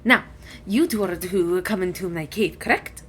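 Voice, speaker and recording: A woman voicing an ancient female dragon who is stately, measured and gently teasing. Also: lowish voice, crowd noise, close to an everyday voice.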